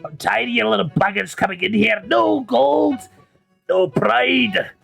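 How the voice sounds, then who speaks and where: A man's voice: high-pitched, measured pace, vocal fry, a bit bright, faint music behind, full character voice. A man voicing a short, rude male dwarf bouncer who curses at troublemakers. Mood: scornful.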